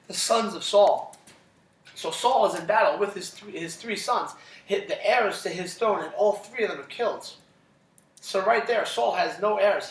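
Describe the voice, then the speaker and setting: A man's voice: high voice, fairly bright tone, echoey room, distant mic. A man teaching a casual classroom Bible lesson, retelling scripture conversationally and checking in with listeners after nearly every sentence. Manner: conversational, checks in with "right?" constantly.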